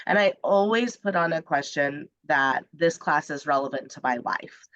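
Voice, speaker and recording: A woman in her forties, a junior high math teacher, giving a candid, chatty presentation to other teachers while congested from the flu. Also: moderate pace, a bit bright, no echo, highs cut off. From Indiana, US. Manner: candid, chatty, many ums. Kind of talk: webinar presentation. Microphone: computer mic on a video call.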